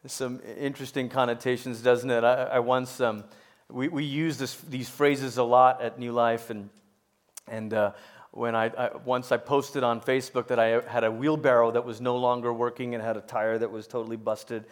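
A middle-aged man preaching a sermon as pastor, rising to loud emphatic peaks and dropping to soft, hushed storytelling, with frequent stammers and restarts. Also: mid-range voice, level tone, normal speed.

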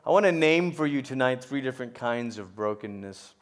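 Here a middle-aged man delivers a sermon as pastor, brisk and expressive in a mid-range voice. His frequent stammers and restarts punctuate a shift between soft, hushed narration and loud, emphatic peaks.

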